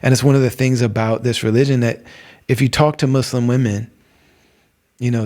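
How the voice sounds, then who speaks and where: A middle-aged American man hosts a podcast in a loose, conversational way. He drifts through asides and restarts, leaning on fillers. His voice sits at an ordinary middle pitch. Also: steady tone, a little fast, pauses often, darkish tone. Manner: rambling, many fillers and restarts. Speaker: podcast host. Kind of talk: casual religious talk.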